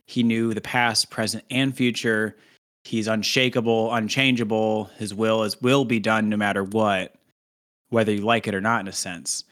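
A man's voice: lowish voice, steady tone, normal speed, a bit bright. A man co-hosting a casual podcast, reading scripture aloud with playful, joking asides and frequent laughter.

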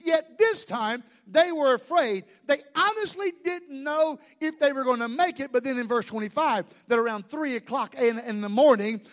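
A man in his fifties, a pastor preaching an animated sermon full of rhetorical questions. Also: very high voice, normal speed, hardly any pauses.

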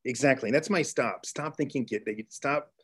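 A middle-aged man from Texas, a teacher telling a classroom story in an interview, earnest, with restarts and excited bursts. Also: mid-range voice, fairly quick, breathy edge. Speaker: teacher and author guest. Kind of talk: storytelling in conversation.

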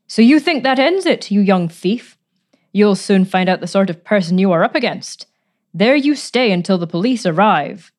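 A woman's voice: medium pitch, expressive, normal speed, darkish tone, close to an everyday voice. A woman voicing a spiteful, domineering aunt with a harsh, grating voice in a read-aloud story. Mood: menacing. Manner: imperious, sullen, commanding.

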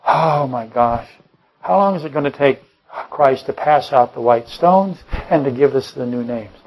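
This pastor's voice is medium-pitched and a bit dark, captured on a low-quality recording as he speaks unhurriedly. His Bible-study sermon wanders, with mid-sentence self-corrections, a stream of rhetorical questions, and humorous asides.

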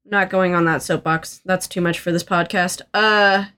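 A woman's voice: lowish voice, steady tone, moderate pace, sharp tone, smooth. A woman co-hosting a podcast, recapping a movie in casual, earnest chat full of "like" and "um". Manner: chatty, sprinkled with "like" and "um"; earnest and sentimental. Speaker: podcast co-host.

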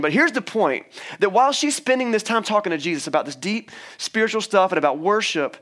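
A young male pastor gives a relaxed, conversational sermon, telling a scripture story in his own words. His voice sits a little high, and he slips into playful voices for the people in the story. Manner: conversational, acts out the characters' lines with playful voices.

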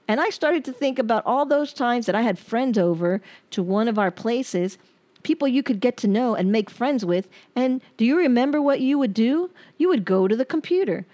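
A woman's voice: medium pitch, darkish tone. A woman hosting her own podcast, talking in a candid, reflective and rambling way. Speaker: podcast host. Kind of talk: personal podcast monologue.

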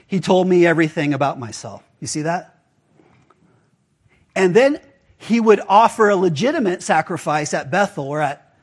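A man's voice: high-pitched, slightly rough. A man pastor giving a casual, conversational sermon, full of rhetorical questions to the congregation.

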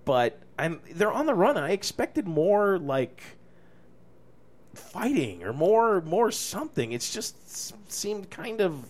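A woman co-hosting a podcast, giving opinions in a casual, halting way with many restarts. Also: fairly low pitch, very animated, a little mellow. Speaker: podcast co-host. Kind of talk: casual chat.

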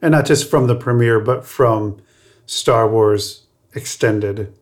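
A man's voice: medium pitch, slow. A man co-hosting a podcast, chatting casually with frequent laughs and loose, rambling phrasing. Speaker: podcast co-host.

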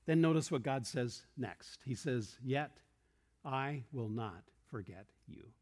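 A male preacher talks to a congregation in an earnest, explanatory way. He poses simple questions and answers them himself, and his voice sits at an ordinary middle pitch for a man. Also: lively intonation, slow pace, darkish tone. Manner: earnest, explanatory, with rhetorical questions and quoted verses. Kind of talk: sermon. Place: church room with a congregation.

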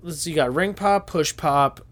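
A man's voice: a little high, normal speed, a bit bright. A man chatting casually on a podcast, with dry, matter-of-fact quips. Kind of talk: casual chat.

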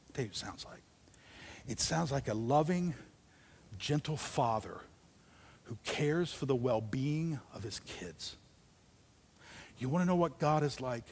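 A man preaching a sermon as a pastor, dramatic, dropping from loud declarations to hushed, near-whispered lines. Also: medium pitch, slightly rough. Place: church sanctuary.

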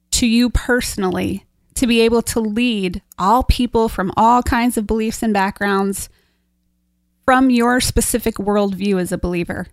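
A woman's voice: fairly high pitch, no echo, studio quality. A woman interviewing a podcast host, reading listener questions in a friendly, supportive way. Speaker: guest interviewer, assistant.

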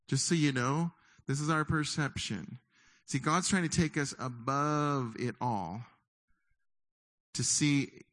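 A middle-aged man preaching a sermon, lively and conversational, often acting out the doubting voices of his listeners. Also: mid-range voice. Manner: animated, acts out inner voices of listeners. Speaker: pastor.

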